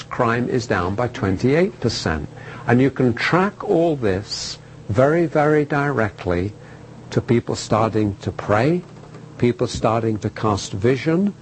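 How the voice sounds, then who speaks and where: A man preaching a sermon in an emphatic way, pausing between phrases, repeating key words and asking rhetorical questions of his listeners. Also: mid-range voice, slight background noise, low-quality recording.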